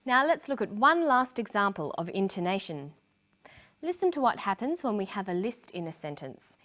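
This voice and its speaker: Lively, clear-spoken woman teaching English. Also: medium pitch. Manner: clear, deliberate explaining with lively intonation. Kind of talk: scripted educational narration.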